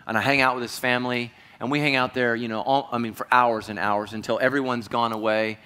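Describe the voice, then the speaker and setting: Male pastor, earnest storytelling sermon, mid-pitched voice that sinks to a hush, long church reverb. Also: steady tone, a little fast, smooth. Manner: earnest, dropping to a hushed voice for heavy moments.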